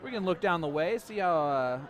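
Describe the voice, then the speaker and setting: A man commentating live darts, playful and teasing, with quick, chatty banter. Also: fairly high pitch, lively intonation. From USA.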